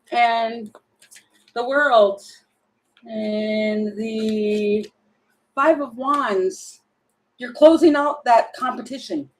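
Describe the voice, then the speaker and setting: A woman's voice: a little high, poor audio. A woman doing a casual tarot reading, chatty and thinking aloud, often laughing and breaking off. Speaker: tarot reader.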